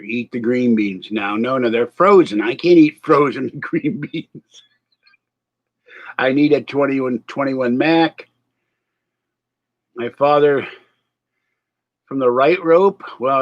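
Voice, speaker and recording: A man's voice: mid-range voice, muffled recording. A man rambling on a casual live stream, distracted and laughing at his own remarks, with a slight cold and a little out of breath. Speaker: vlogger.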